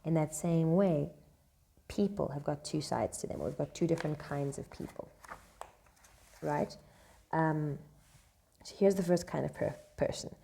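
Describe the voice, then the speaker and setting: A woman teaching a Shakespeare scene at home. She reads each line slowly, then explains it in casual slang. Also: low voice, creaky, dark tone, slightly rough. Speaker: English teacher.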